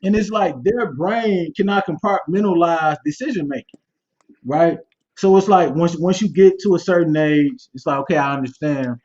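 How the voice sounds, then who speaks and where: A young man speaks with passion in a loose, conversational way, circling back on his words as he talks. His voice sits on the high side. The sound is dull and muffled, like audio from a live stream. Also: normal speed, darkish tone. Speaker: guest speaker. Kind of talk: candid motivational talk.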